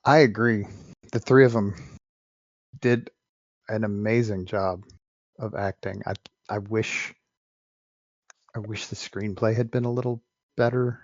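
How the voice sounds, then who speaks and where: A man's voice: fairly low pitch, fairly even intonation, measured pace, long pauses, no room sound, muffled recording. A man co-hosting a podcast, giving frank, opinionated views on an old film, often restarting his sentences. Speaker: podcast co-host. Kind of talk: casual film discussion.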